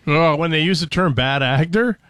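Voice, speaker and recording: A man chatting casually in an animated, jokey way, slipping into playful accents. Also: fairly high pitch, moderate pace, dry recording. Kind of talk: casual chat with playful impressions.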